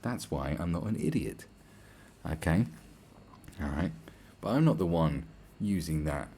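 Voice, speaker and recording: A man's voice: very deep voice, expressive, unhurried, mellow, slight background noise. A man hosting a podcast, delivering a crude, sarcastic solo rant full of swearing and mocking put-on voices. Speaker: podcast host. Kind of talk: ranting monologue.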